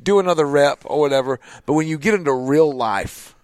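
A man's voice: a little high, fairly quick, no echo. A man hosting a casual podcast, telling stories in a joking way and acting out voices in them. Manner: jokey, acts out voices in his stories. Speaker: podcast host. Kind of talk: casual podcast chat and storytelling.

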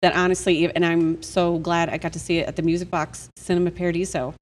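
A woman on a casual podcast panel, telling stories about films in an animated, emphatic way. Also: lowish voice, fast talker.

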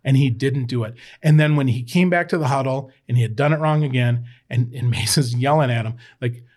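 A man guest on a podcast, telling an old football story in a rambling, animated way and swearing freely. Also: mid-range voice, brisk. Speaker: podcast guest, former college football player. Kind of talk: casual storytelling chat.

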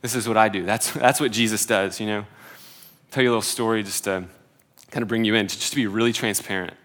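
Casual young man preaching, low voice. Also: fairly even intonation, quick pace, a bit bright. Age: 20s. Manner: casual, conversational, with many filler "like"s; self-deprecating humor. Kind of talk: sermon.

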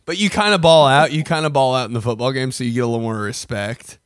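A man's voice: medium pitch, quick pace, a bit bright, no room sound, clean studio sound. A man co-hosting a podcast, telling rambling funny stories and acting out his own thoughts. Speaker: podcast co-host. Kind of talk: casual comedic chat.

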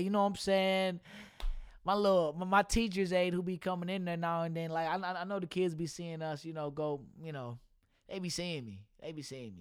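A man's voice: high-pitched, smooth, no room sound, clean studio sound. A young man hosting a casual podcast, talking loosely and profanely about his work as a substitute teacher and laughing often.

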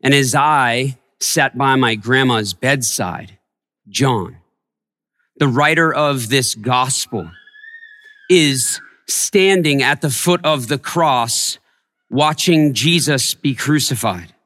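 A man preaching a sermon as a pastor, telling a personal story and growing hushed in its tender parts. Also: mid-range voice, slow, big-room sound. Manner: storytelling, softening to a hush in tender moments. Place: church sanctuary.

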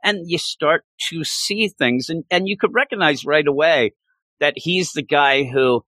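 Man, podcast host, casual book talk, animated, bright tone, dry close sound. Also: on the high side, measured pace, dry recording. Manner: animated, acts out character lines. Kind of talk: casual chat.

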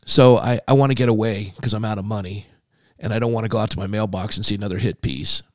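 A man's voice: on the low side, fairly even intonation, fast talker, no room sound, studio quality. A man, a pastor, telling a long personal story on a podcast and acting out a commanding old man's lines. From California.

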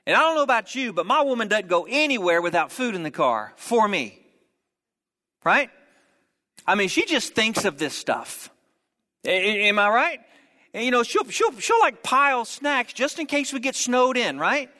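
A man preaching a sermon, telling a story with humorous asides and quick jokes. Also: very high-pitched, sing-song, bright, forceful tone, long reverb tail. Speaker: pastor.

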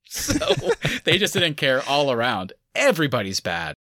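A man's voice: medium pitch, big pitch swings, normal speed, bright, forceful tone, dry recording, studio quality. A man co-hosting a gaming podcast in casual chat, laid-back, with lots of fillers and laughs. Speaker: podcast co-host.

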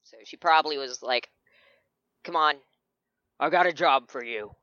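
A woman's voice: deep voice, normal speed, sharp tone, no room sound. Woman player on a dull dry mic. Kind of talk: casual tabletop role-play chat.

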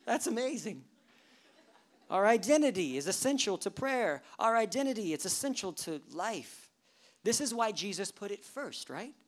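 Animated pastor preaching with rhetorical questions. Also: mid-range voice, normal speed. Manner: lively, with rhetorical questions to the audience; joking asides. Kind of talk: sermon. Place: church service.

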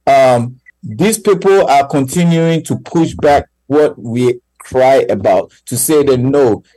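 A man co-hosts a radio talk show. His voice is mellow and relaxed, heard dry with no room around it. He speaks in a halting way, pausing on fillers as he works through his thoughts. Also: mid-range voice, dry recording, rough recording. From Ghana. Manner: halting, full of "you know" fillers. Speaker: radio co-host.

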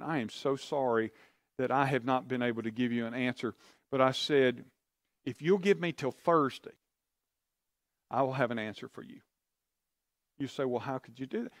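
A man's voice: mid-range voice, normal speed, pauses often, dry recording, studio quality. Earnest male pastor telling a story. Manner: earnest, confiding, acts out prayers and quotes. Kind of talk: sermon storytelling.

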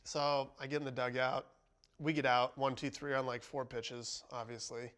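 A man hosting a podcast, telling a relaxed story in casual chat, laughing often and filling with "like". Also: mid-range voice, moderate pace, smooth. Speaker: podcast host, baseball pitcher.

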